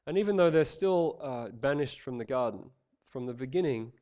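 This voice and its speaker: A man preaching a sermon, praying and reading scripture in an earnest, measured way, slightly nasal from a head cold. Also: mid-range voice, expressive, mellow, muffled recording. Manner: earnest, measured, some fillers.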